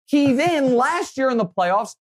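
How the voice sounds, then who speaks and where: A male sports talk host chatting casually in a dry studio with no room echo. He tells stories with animation and pushes his voice higher as he gets fired up. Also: measured pace. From Kansas City area, USA. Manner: animated storytelling, voice rising when worked up.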